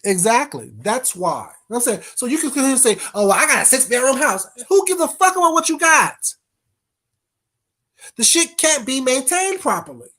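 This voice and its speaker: A man's voice: very high voice, very animated, normal speed, sharp tone. A man ranting on a casual livestream, blunt and heavy on the profanity. He tears into trolls, then breaks off to greet chat viewers by name before going back at it. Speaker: livestream host.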